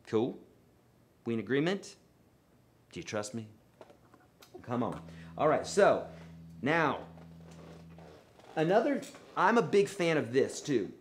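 A man's voice: slow, long pauses, a little hiss or hum. Chatty male guitar teacher. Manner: chatty, rambling, animated with sudden high outbursts. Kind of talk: live online guitar lesson. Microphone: livestream microphone.

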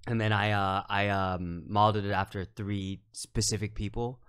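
A man's voice: fairly low pitch, level tone, normal speed, a bit bright, clear, resonant tone. A man, guest on a podcast, chatting casually and telling stories full of quoted remarks and fillers. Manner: rambling storyteller, quotes others, lots of fillers. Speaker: guest filmmaker and actor.

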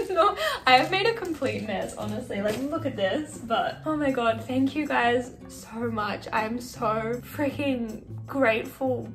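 A woman's voice: a little high, slow pace, few pauses, soft background music. A young woman vlogging an unboxing, giddy, gushing and laughing often. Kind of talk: excited unboxing vlog.

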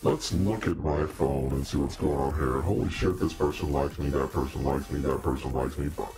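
A man with an extremely low, rumbling voice hosts a casual livestream in a demon persona. He rambles, jokes and chats directly with his viewers. Faint music sits in the background. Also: normal speed. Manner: rambling, joking, talks to viewers.

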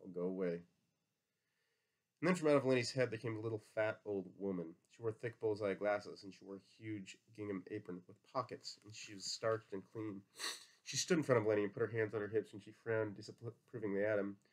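A man's voice: on the low side, fairly even intonation, a little fast. A man reading a novel aloud, voicing every character himself. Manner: reads all characters himself with folksy drawl for dialogue. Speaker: audiobook reader. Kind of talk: dramatic audiobook reading.

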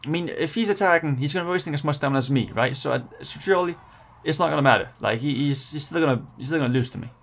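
An excitable young man talking through his gameplay live as it unfolds. He pleads with rivals, groans at setbacks and cheers his riders on in a casual, unscripted way. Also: a little high, rapid-fire, creaky, hardly any pauses. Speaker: gaming channel host.

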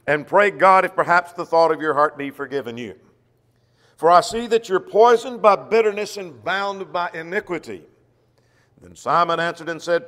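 A man's voice: fairly high pitch, a bit bright, long reverb tail. A man preaching a sermon who reads scripture aloud and poses rhetorical questions to the congregation. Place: church auditorium.

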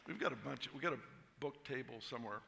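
A male pastor speaking at a conference, telling jokes in a relaxed, chuckling way before preaching. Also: mid-range voice, fast, creaky. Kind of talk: sermon with told jokes. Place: large conference hall. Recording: echoey hall, faint noise.

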